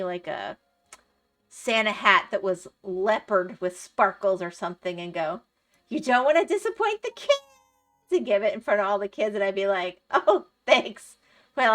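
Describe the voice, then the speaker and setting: A middle-aged woman with a mid-range, slightly bright voice is livestreaming while she games. She chats casually, rambles through stories, laughs a lot and responds to her chat.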